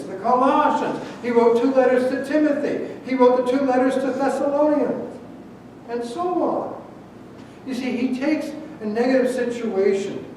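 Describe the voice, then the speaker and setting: A man preaching a sermon as pastor, asking rhetorical questions and stressing words slowly before dropping to a hush. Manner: rhetorical questions, slow emphatic phrasing, drops to a hush. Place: church sanctuary. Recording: very echoey church from a distant mic, faint rumble.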